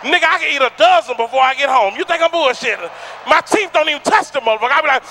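A man doing a loud, profane stand-up routine on a theater stage, teasing the crowd through a handheld mic. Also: very high-pitched, expressive, fast, slight background noise. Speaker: stand-up comedian. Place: theater stage before a live audience.

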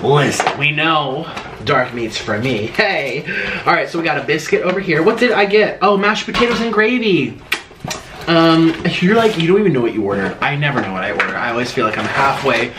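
Male vlog host, playful and theatrical, lively swooping delivery, slightly higher voice, roomy sound with faint background hiss. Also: brisk. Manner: playful, sing-song, theatrical. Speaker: mukbang host. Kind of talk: casual eating vlog chat.

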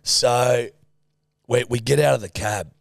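A man's voice: medium pitch, measured pace, creaky, no echo, clean studio sound. A young Australian man co-hosting a podcast, telling a rambling anecdote in casual chat and swearing a lot. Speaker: podcast co-host.

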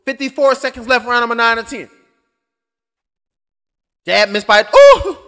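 Casual male fight commentator, high voice, swearing and joking, echoey long-tail room. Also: sing-song, measured pace, long pauses, pushed and bright. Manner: profane, joking, rambling. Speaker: boxing commentator. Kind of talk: live blow-by-blow commentary.

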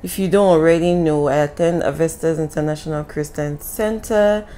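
A woman's voice: low-pitched, moderate pace, warm tone, a little hiss or hum, low-quality recording. A young Nigerian woman with a Nigerian accent talking casually to the camera in a home vlog, openly emotional and apologetic. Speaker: vlogger.

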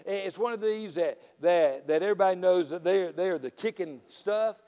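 Middle-aged Southern man, high-pitched and fiery revival preacher, folksy storyteller with loud bursts and low asides. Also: normal speed, highs cut off. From Florida. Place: church sanctuary. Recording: long reverb of a church sanctuary.

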